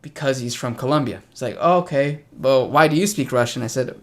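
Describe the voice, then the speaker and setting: A man's voice: medium pitch, fairly quick. A young man from the United States, an English teacher hosting a casual chat with a friend, telling stories and acting out the dialogue. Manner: animated storyteller, acts out quoted dialogue.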